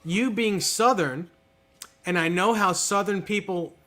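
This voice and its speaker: Northern guy co-hosting, high sharp voice, jokey and chatty. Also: measured pace. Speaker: co-host. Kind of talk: casual interview banter.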